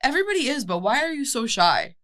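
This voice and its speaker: Lively, bright-voiced woman podcaster. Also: fairly high pitch, fast, a little hiss or hum. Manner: blunt, sardonic, laughs often. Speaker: podcast co-host. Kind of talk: casual chat.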